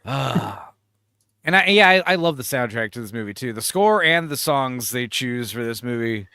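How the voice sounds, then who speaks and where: A man's voice: mid-range voice, expressive, normal speed, sharp tone, clear, resonant tone, no room sound, studio quality. A man casually discussing a movie with a friend, animatedly retelling scenes and acting out the characters. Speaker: podcast co-host.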